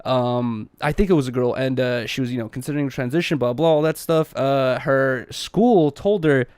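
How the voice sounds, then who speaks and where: A young man co-hosting a casual podcast, talking in an animated, profane way full of slang and emphasis. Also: mid-range voice, moderate pace, smooth, dry recording. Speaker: podcast co-host. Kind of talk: casual chat.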